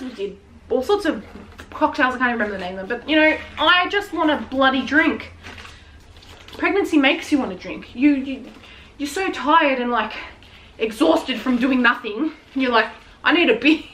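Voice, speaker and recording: This late-twenties pregnant vlogger has a high-pitched voice with a sharp tone, chatting casually as she wraps gifts at home. She's frank, somewhat out of breath, and quick to swear and laugh. It's a rough recording with slight background noise.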